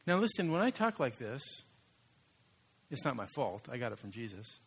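A man preaching a sermon as pastor, conversational and emphatic, slowing down to stress key words. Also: mid-range voice, big pitch swings, gravelly, slight background noise.

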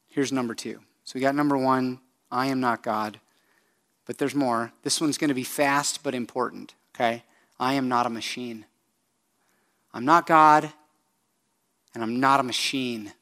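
A man preaching a sermon as pastor, asking the congregation direct questions and swinging from hushed, slow lines to loud, emphatic ones. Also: mid-range voice, fairly even intonation.

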